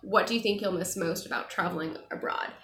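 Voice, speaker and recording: A young woman, a travel vlogger, chatting casually and animatedly while answering viewer questions on a live stream. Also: on the low side. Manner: chatty, animated, quick laughs. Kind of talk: casual chat. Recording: echoey room.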